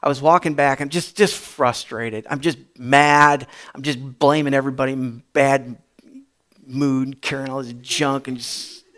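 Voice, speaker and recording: A male pastor telling a story in a sermon, chatty and repetitive, building to loud emphatic bursts. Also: medium pitch, steady tone, a little slow.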